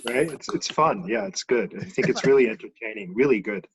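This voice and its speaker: A man telling a personal story in a relaxed, chuckling way, heard over a muffled video call. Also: mid-range voice, brisk, breathy edge. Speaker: guest author. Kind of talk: casual storytelling.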